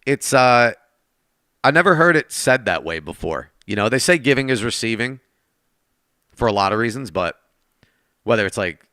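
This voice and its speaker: Lively, bright-voiced male game streamer. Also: mid-range voice, moderate pace, long pauses, no echo, clean studio sound. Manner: chatty, thanks donors, talks straight to chat. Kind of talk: casual live-stream chat with viewers. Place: at a desk.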